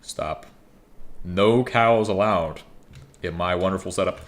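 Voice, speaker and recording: A man's voice: fairly low pitch, normal speed, fairly bright tone. A young man giving rambling, joking gameplay commentary, swearing freely. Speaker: gaming YouTuber.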